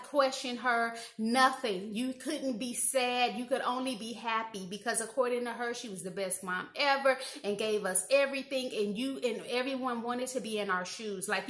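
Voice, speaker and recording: A woman from Indiana telling personal stories in a casual monologue, animated, acting out quoted dialogue and saying "you know" and "like" often. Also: a little high. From Indiana, USA. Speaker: YouTube commentator. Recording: roomy echo.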